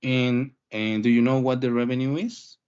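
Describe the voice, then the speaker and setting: A man's voice: medium pitch, steady tone, normal speed, darkish tone, clean tone. A man teaching an English listening class, asking questions and explaining step by step in an encouraging way. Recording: dull muffled audio.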